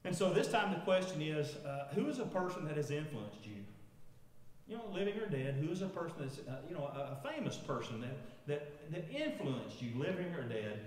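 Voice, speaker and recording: A man's voice: fairly high pitch, sing-song, normal speed. A man, preaching a sermon and telling a funny story, chuckling as he goes and asking the congregation questions. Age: 50s. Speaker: pastor. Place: large echoey church sanctuary. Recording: echoey church hall with long reverb.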